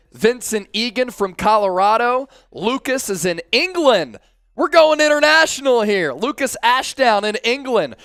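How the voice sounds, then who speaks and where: A hyped-up man in his thirties runs a live sports stream from a studio, rattling off viewer shout-outs. His voice sits high and comes through smooth and clear. The sound is dry and close, with no room echo. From Philadelphia area, USA. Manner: energetic, hyped, chanting with the chat.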